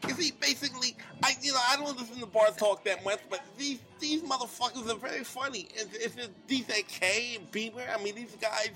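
A man doing an impression of a famous boxer, in a high, soft voice with a slight lisp, in a bar. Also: brisk, hardly any pauses, faint music behind. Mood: boastful.

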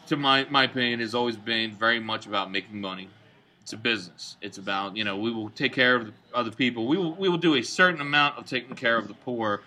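Bright-voiced man ranting casually. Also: mid-range voice. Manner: rambling, profane, opinionated. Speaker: podcast co-host. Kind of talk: casual bar talk.

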